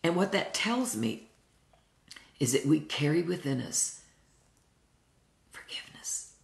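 A woman's voice: sits low, sing-song, measured pace, vocal fry. A woman in her sixties teaching a Bible study, earnest and heartfelt as she tells personal stories. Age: 60s. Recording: roomy echo.

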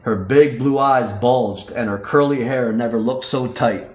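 A man narrating his own novel in a steady, measured way. His voice sits at an ordinary middle pitch. The recording carries a noticeable room echo. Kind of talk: audiobook narration.

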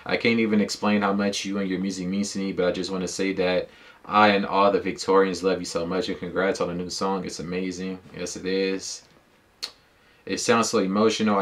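A man with a low, deep voice talks through a song in casual reaction commentary. He is laid-back and slangy and thinks aloud with easy fillers. He speaks into a dedicated microphone. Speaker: music reaction YouTuber.

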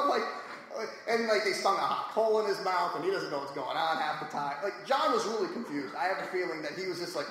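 Animated man on an echoey live panel. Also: high voice, brisk. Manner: animated, jokey, slangy retelling with mock quotes. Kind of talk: casual panel discussion. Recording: echoey live hall with faint noise.

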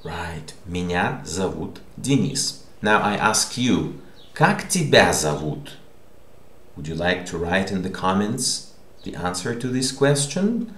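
A man's voice: low-pitched, fairly bright tone. A man teaching a language lesson, patiently explaining and repeating words, often checking in with "okay?". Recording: echoey room.

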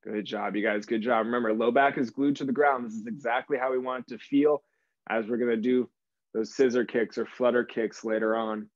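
An upbeat male fitness instructor talks a class through a core workout, a little out of breath as he cues each move. His voice sits at an ordinary middle pitch. The sound is dry and a bit dull, like a video-call mic. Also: fairly even intonation, fairly quick, dry recording. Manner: upbeat coaching cues, encouraging. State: slightly out of breath. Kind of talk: live online workout class.

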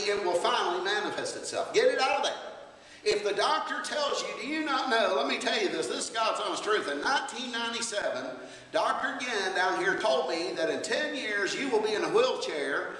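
High, bright-voiced preacher in his fifties. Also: a little hiss or hum. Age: 50s. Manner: folksy and conversational, laughing asides. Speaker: pastor. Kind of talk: sermon. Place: church sanctuary. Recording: roomy church hall from far off.

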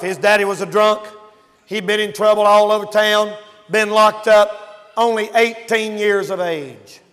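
High-voiced shouting preacher. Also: male voice, long reverb tail. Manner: swings from shouting to hushed storytelling. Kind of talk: revival sermon.

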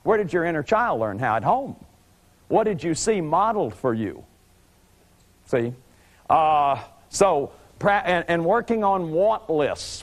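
A man in his fifties giving a lively lecture, acting out little scenes and restarting sentences with repeated words. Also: fairly high pitch, a little slow. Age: 50s. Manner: animated, acts out little scenes with sudden shouts and growls. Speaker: lecturer on family therapy.

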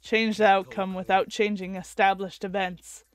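A woman voicing a calm, solemn young male scientist from the future, speaking in a measured way while reading a visual novel. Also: mid-range voice, clean tone, close to an everyday voice. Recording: faint music behind.

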